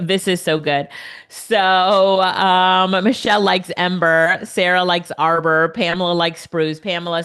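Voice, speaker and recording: A woman's voice: lowish voice, fairly bright tone. A middle-aged woman running a live online class, chatty and upbeat, laughing often as she talks to viewers over a computer mic. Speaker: webinar instructor. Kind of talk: live online teaching demo. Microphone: computer mic on a video call.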